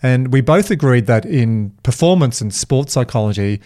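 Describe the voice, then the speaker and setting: A man hosting a podcast, talking in an energetic, emphatic way and telling animated stories. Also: medium pitch, moderate pace. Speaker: podcast host. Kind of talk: casual podcast chat.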